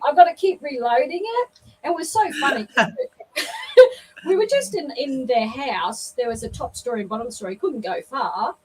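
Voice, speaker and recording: An older Australian woman telling a lively story in casual chat on a video call, laughing often. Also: sits high. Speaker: guest. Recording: distant mic, faint background noise.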